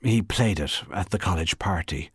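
A man playing a nervous, polite woman jeweller, her speech slightly raised and quick. The husky tone stays close and dry, a storybook read. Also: low voice, dry recording. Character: flustered, anxious woman jeweller telling white lies.

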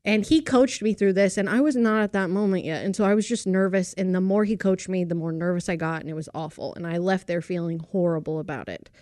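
A woman's voice: fairly low pitch, brisk, hardly any pauses, no room sound, studio quality. A woman co-hosting a casual podcast chat, telling stories animatedly and acting out quotes. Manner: animated storyteller who acts out quotes. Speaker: podcast co-host and voice performer.

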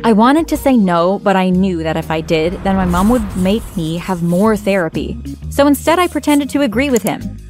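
A woman's voice: medium pitch, lively intonation, normal speed, a little mellow. A young woman narrating her own story in the first person, acting out her own lines with feeling. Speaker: narrator and lead character. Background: background music.

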